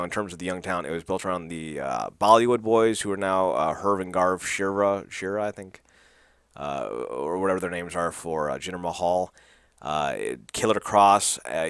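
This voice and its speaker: A man's voice: low-pitched, fairly bright tone, clear, resonant tone, no echo, clean studio sound. A man hosting a podcast, recapping wrestling in a loose, profane way with lots of fillers and laughs. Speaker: podcast host.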